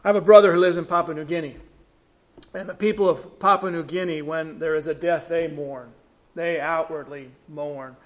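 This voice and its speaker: A man's voice: on the high side, steady tone, normal speed. A middle-aged man preaching a sermon, reading scripture and explaining it with earnest emphasis. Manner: earnest, rising emphasis then quiet falls.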